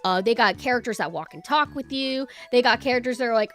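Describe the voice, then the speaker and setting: A woman's voice: fairly high pitch, animated, quick pace, hardly any pauses, a bit bright. A young woman streamer chatting casually with her viewers and ranting bluntly, swearing freely.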